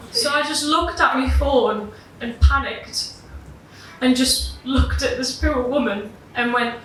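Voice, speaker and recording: A woman's voice: high voice, slow, long pauses, a bit bright, a little hiss or hum. A young woman telling a personal story live at a gig, self-deprecating and swearing casually, laughing through her lines. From Britain. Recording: echoey room, voice from far off.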